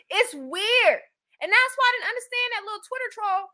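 Lively high-voiced woman recapping bluntly. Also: brisk. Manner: blunt, profane, animated, mocking quotes in put-on voices. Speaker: podcast co-host. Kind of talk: casual reality-TV recap chat.

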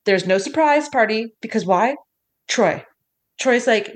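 A woman's voice: a little high, animated, unhurried. A woman co-hosting a podcast, recapping an episode in a playful, chatty way with lots of fillers, over a video call. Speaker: podcast co-host. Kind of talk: casual chat recapping an episode.

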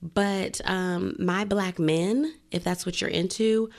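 A woman's voice: lowish voice, slow. A woman in her thirties co-hosting a casual podcast, talking bluntly and with plenty of profanity. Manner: blunt, profane and animated, laughing often. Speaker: podcast co-host.

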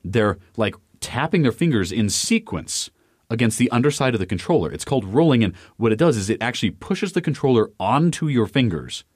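A man's voice: mid-range voice, big pitch swings, fairly quick, a little mellow, husky, no room sound, studio quality. A man co-hosting a podcast, chatting casually and rambling with many fillers and restarts. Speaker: podcast co-host. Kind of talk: casual chat.

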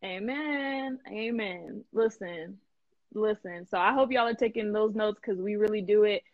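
A woman hosting a live stream in casual chat, animated and emphatic, laughing often and full of slang. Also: medium pitch, unhurried, no room sound, highs cut off. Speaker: host.

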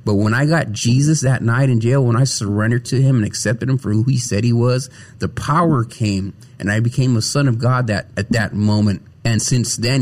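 A man telling his personal faith testimony as an interview guest, earnest and often repeating words as he searches for them. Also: medium pitch.

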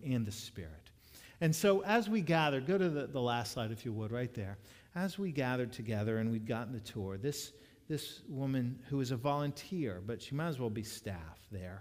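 A man's voice: medium pitch, a little mellow, in a large hall. A man preaching a sermon, telling a story in a conversational way with frequent restarts. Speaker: pastor.

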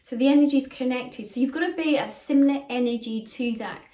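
A woman's voice: high-pitched, a little fast, warm tone. Middle-aged woman in an echoey room. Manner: earnest, conversational, with frequent fillers. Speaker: spiritual medium. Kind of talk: casual first-person storytelling. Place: bedroom in a home.

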